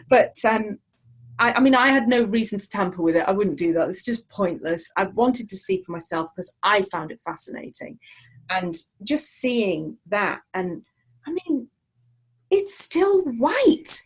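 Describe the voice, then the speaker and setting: A woman talking casually as an interview guest, lively and quick to laugh. Her voice is slightly husky and breathy. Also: medium pitch. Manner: animated, laughs often. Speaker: psychic, guest.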